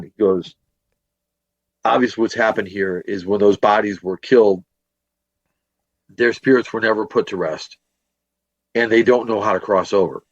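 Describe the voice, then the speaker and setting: As a guest on a podcast interview, a Northwest Indiana teacher and paranormal investigator, a little worn from the school day, spins a long, rambling ghost-hunting story with plenty of fillers and restarts. His voice is fairly low, with no room sound, and the highs are cut off.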